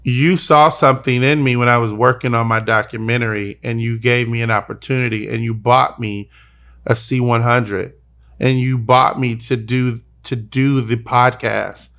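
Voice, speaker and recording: A man's voice: mid-range voice, steady tone, normal speed, a bit bright. A young adult man hosting a podcast, talking earnestly and emotionally, often repeating words as he searches for them. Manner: earnest, repeats himself when moved. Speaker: podcast host. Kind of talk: emotional personal conversation.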